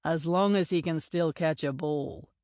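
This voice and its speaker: A woman voicing a male team captain with a dry, deadpan manner. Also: low voice, unhurried, no echo.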